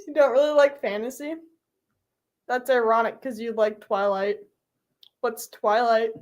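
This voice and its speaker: A woman's voice: fairly high pitch, slow, a little mellow. A young woman streaming live, chatting casually with her viewers, giggly and full of fillers.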